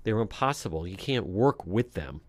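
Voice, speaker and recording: Blunt, scornful talk radio host. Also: male voice, fairly low pitch, lively intonation, normal speed, no room sound. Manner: blunt and scornful, with frequent fillers and restarts. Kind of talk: opinionated political radio commentary.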